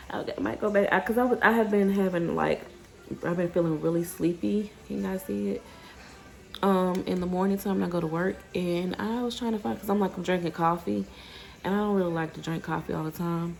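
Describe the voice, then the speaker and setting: A woman's voice: fairly low pitch, brisk, gravelly, darkish tone. A woman vlogging in a rambling, casual way, stopping and restarting her sentences and getting heated when she rants. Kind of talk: casual vlog chat. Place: outdoors then home.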